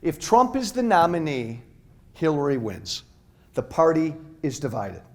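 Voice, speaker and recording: A man's voice: a little high, sing-song, unhurried. A middle-aged man giving a blunt, impassioned, off-the-cuff speech to college students in a university hall, talking straight to the crowd. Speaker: political speaker.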